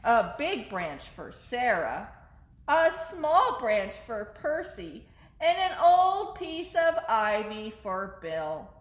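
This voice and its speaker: A woman's voice: fairly high pitch, very animated, takes it slowly. A woman in her thirties, a children's librarian leading story time, cheerful and coaxing with young children. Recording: echoey room.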